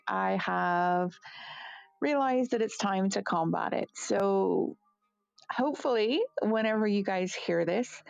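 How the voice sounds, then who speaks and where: Husky Irish woman leaving a voice message. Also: fairly low pitch, a little mellow, no echo, dull audio. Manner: hesitant, earnest, many ums. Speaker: listener sending a voice message. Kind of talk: recorded voice message.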